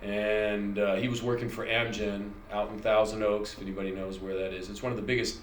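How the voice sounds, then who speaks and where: A middle-aged channel host tells a personal story in a rambling, conversational way, correcting himself as he goes. His fairly low voice is level and brisk, recorded in an echoey room with faint ambience and a little hiss or hum.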